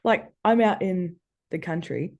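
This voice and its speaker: An Australian woman hosts a relaxed interview, giggling and laughing easily. Her voice is low and mellow. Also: a little slow, dull audio. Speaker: podcast host. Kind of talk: casual interview chat.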